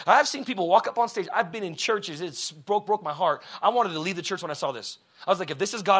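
Bright, high-voiced passionate preacher man. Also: fast talker, few pauses. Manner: passionate, swings from quiet to shouting; casual, conversational phrasing. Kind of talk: sermon.

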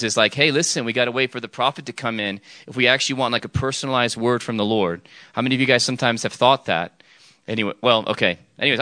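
Chatty bright-voiced male preacher. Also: medium pitch, no echo. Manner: chatty, frequent "okay?" and restarts, jokes with audience. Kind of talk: informal sermon.

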